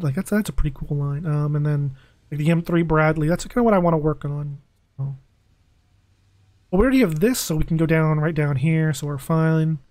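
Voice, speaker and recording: A young man streaming a video game, talking casually and excitably, pleading with the game and groaning dramatically over a loss. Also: on the high side, dry recording. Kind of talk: casual live-stream commentary.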